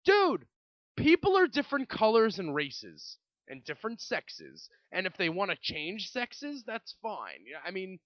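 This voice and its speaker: Recorded dry with the highs cut off, this solo podcast features a young host from Brooklyn, New York. His voice sits high with huge pitch swings and a measured pace as he rants, swears, rambles and keeps restarting his sentences.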